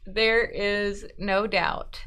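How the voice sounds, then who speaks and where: Slow-talking woman co-hosting a stream. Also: mid-range voice, flat delivery, a bit bright, smooth. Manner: laughs often, unhurried. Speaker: co-host, host's wife. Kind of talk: casual chat on a live stream.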